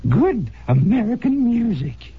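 A man's voice: very high-pitched, big pitch swings, measured pace, slightly rough, voice pushed up, full character voice. A man voicing a fussy, scolding elderly woman listener complaining about the radio, heard on a dull lo-fi old radio broadcast. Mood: indignant.

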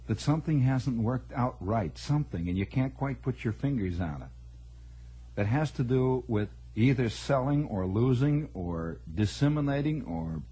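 A man reflecting aloud in a radio monologue, halting over words and then pressing his point. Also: mid-range voice, warm tone, breathy edge. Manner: musing, halting restarts, rising to emphatic asides. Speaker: storyteller.

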